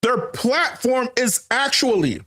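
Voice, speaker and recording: A man's voice: extremely high pitch, sing-song, slow, bright, forceful tone. A man hosting a casual commentary monologue, emphatic and repetitive, calling his viewers family and laughing often. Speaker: channel host.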